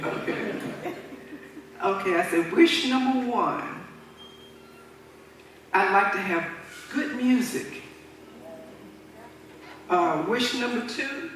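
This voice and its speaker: A septuagenarian woman with a medium-pitched voice thanks her guests at her birthday party, telling stories warmly and without a script, chuckling frequently and restarting phrases as she goes. The large event hall is echoey and recorded from a distance, and there's slight background noise.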